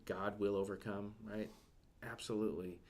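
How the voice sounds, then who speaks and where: A man giving a casual devotional talk, conversational and full of fillers, often turning to ask his listeners questions and sinking to a soft near-whisper at emotional points. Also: fairly low pitch, steady tone, moderate pace, slight background noise.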